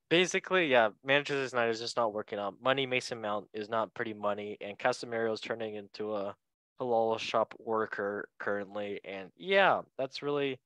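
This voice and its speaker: A man's voice: fairly low pitch, fairly bright tone, dry recording. A man hosting a casual football podcast, joking and asking each guest for a word in turn. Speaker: podcast host. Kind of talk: casual chat.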